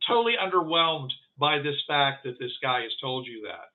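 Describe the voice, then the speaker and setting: A man narrating a tabletop game as game master, halting and full of restarts. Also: mid-range voice, expressive. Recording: tinny phone-like line.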